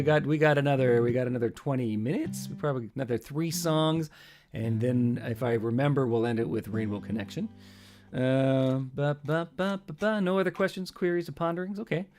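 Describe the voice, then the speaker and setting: A man's voice: fairly high pitch, vocal fry. A man hosting a live stream from his home, chatting between songs in a rambling, self-mocking way and muttering to himself.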